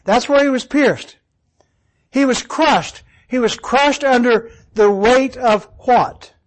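Man, Bible teacher, high voice, asks the class questions, repeats the key points. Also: takes it slowly, poor audio. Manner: quizzes listeners with questions, repeats key words. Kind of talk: interactive Bible study teaching.

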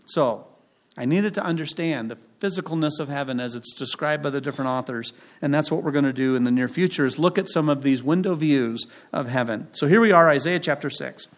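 A man's voice: on the high side, brisk. A man preaching a sermon as pastor in a church, emphatic and throwing rhetorical questions to the congregation.

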